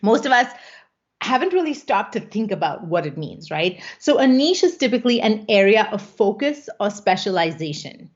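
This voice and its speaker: A woman's voice: mid-range voice, very animated, normal speed, dull audio. A woman coaching her viewers in a casual live stream, chatty and playful, often laughing.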